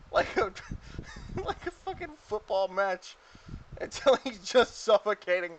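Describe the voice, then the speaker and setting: A man's voice: sits high, big pitch swings, unhurried, fairly bright tone, low-quality recording. Stammering game master man. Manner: rambling, stumbling, giggly. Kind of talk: narrating a tabletop game.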